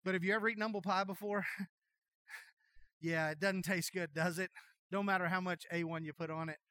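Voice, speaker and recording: A middle-aged man preaching a sermon as pastor, telling folksy jokey stories in an animated way. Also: high-pitched, brisk, clear, resonant tone, no echo.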